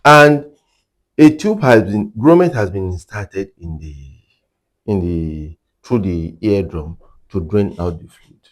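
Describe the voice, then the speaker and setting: A man's voice: sits low, expressive, slow pace. A man working as a hearing care clinician, explaining in an interview and repeating his key points for emphasis.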